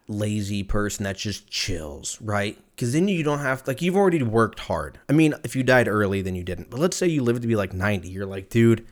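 Male podcast host, lower register, loose profane storytelling rant, laughs a lot, spikes up high for punchlines. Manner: rambling, profane, laughs often; animated, jumps pitch when excited. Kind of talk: casual solo rant.

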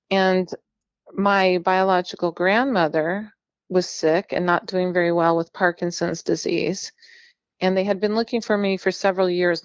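Speaking with a fairly low pitch and no echo, a central California woman in her fifties recounts her own experiences as a guest. Her manner is candid, conversational, and self-mocking, and the sound quality is dull and lo-fi.

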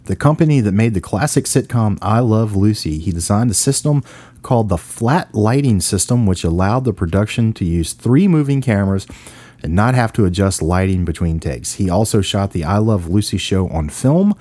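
A man's voice: lowish voice, animated, moderate pace, dark tone, dry recording. A man hosting a podcast, joking and teasing his co-host as he runs through an old horror film. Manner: playful, jokey, teasing. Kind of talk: casual banter and film rundown.

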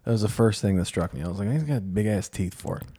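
A man's voice: on the low side, animated, fast talker, mellow, breathy edge. A man co-hosting a podcast, casually telling a candid, self-deprecating story and acting out the lines of others. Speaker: podcast co-host.

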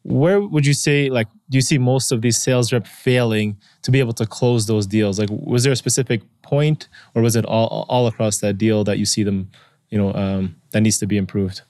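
A man's voice: on the low side, fairly even intonation, moderate pace, a little mellow, no echo, studio quality. A man hosting a podcast, asking hesitant interview questions with many fillers. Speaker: podcast host.

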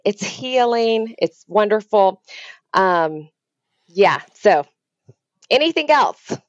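A woman's voice: medium pitch, big pitch swings, slow, no room sound, lo-fi sound. A woman therapist giving explanatory advice over a video call, with frequent ums. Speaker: therapist guest. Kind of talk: remote interview conversation.

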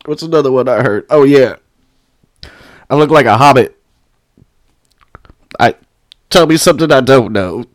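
A man hosting his own podcast, ranting at his critics with constant swearing and mocking laughter, high on weed. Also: lively intonation, normal speed, long pauses, dry recording. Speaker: podcast host. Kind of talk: profane solo podcast rant.

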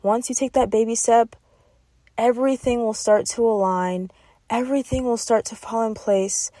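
Getting emotional, a young podcast host speaks encouragingly in a fairly high, mellow voice with fairly even intonation at a moderate pace. She often asks "okay?" on her motivational show, captured as a dry recording with clean studio sound.

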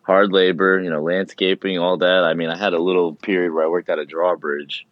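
Deep laid-back drummer guy rambling on a podcast, says you know a lot, kinda muffled lo-fi audio. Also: level tone, a little fast, no echo. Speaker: guest, touring drummer. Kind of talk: casual podcast chat. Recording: dull, lo-fi, dry sound.

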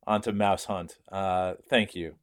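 A man's voice: sits low, steady tone, unhurried. A man who is a guest on a podcast, speaking mildly and with some hesitation in casual chat.

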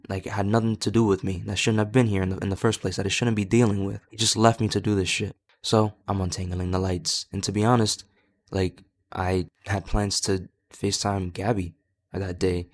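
A young man hosting a podcast, candidly telling a personal story in a rambling way, swearing a lot. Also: lowish voice. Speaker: podcast host.

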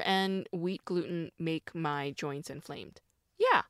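A woman's voice: lowish voice, slow pace, smooth, no echo, studio quality. A woman hosting a podcast, talking alone in a rambling, self-mocking way with lots of fillers. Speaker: podcast host. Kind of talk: casual solo chat.

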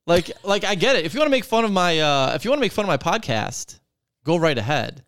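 A man's voice: sits high, quick pace, no echo, clean studio sound. A man hosting a podcast, ranting in casual chat with lots of swearing and filler words. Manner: profane, rambling, animated ranting with many fillers. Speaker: podcast host.

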